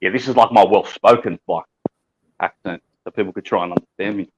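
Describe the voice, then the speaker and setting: A man's voice: low voice, brisk, highs cut off, a little hiss or hum. A man with an Australian accent, joking and swearing through casual live boxing commentary.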